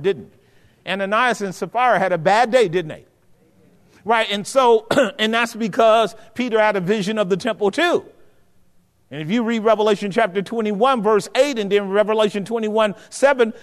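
A man with a high voice preaches, asking his listeners frequent questions. He moves between quiet, low passages and emphatic rises. His voice rings out in a hall with a long reverb tail. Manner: preaching with rhetorical questions to the congregation. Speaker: pastor. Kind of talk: sermon teaching.

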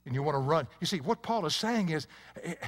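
Male pastor, sermon delivery, a bit higher pitch, dynamic swings in volume. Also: expressive, brisk. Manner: dynamic preaching, swings between loud emphasis and quiet. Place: church sanctuary with congregation.

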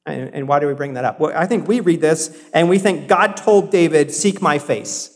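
A man's voice: fairly high pitch, a little fast. A man from South Carolina preaching a sermon as a pastor, earnest and conversational, full of rhetorical questions and restarts. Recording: long hall reverb.

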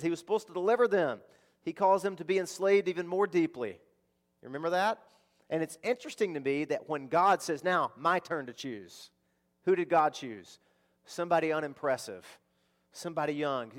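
A man's voice: fairly high pitch, in a large hall. A male pastor preaching a conversational sermon, asking the congregation rhetorical questions.

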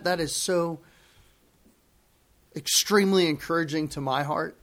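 A male pastor preaching a sermon to his congregation, emphatic and deliberate, repeating key phrases for weight. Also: fairly high pitch, fairly bright tone.

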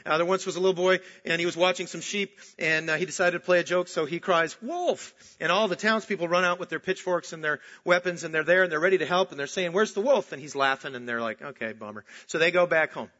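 A man preaching a sermon, moving between animated storytelling and soft, earnest emphasis. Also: fairly high pitch, dull audio. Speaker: pastor.

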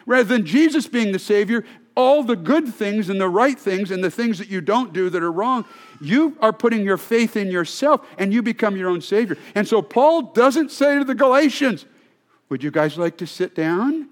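A man's voice: sits high, expressive, normal speed. A male pastor preaching a sermon in a conversational, storytelling way, often restarting his sentences.

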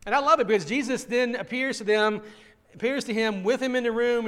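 A man's voice: very high-pitched, fast talker, fairly bright tone. A male pastor preaching a sermon, earnest and direct, often repeating words as he starts a phrase and calling listeners "friend".

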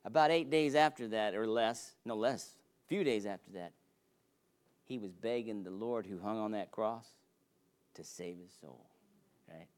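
A man's voice: lowish voice, unhurried. A man preaching a sermon as pastor, emphatic with a repetitive, building cadence.

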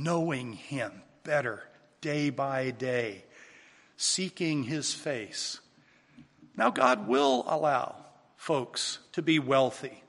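A man preaching a sermon from the pulpit, earnest, rising to emphatic peaks and dropping quiet. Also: a little high. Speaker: pastor. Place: church sanctuary. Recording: long hall reverb.

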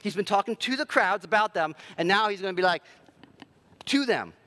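A man's voice: high voice, animated, fairly quick, pushed and bright. A man preaching a sermon in a conversational, self-deprecating way with plenty of filler words. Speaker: pastor.

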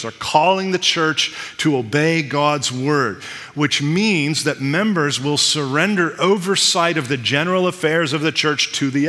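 A man's voice: medium pitch, bright, forceful tone, long reverb tail. A man preaching a sermon as pastor, conversational with self-deprecating asides.

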